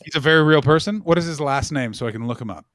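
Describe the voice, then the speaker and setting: Brief: North American male host, quick jokey asides, bright voice. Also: a little high, no echo, clean studio sound. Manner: quick, joking, animated asides. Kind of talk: casual chat on a livestream.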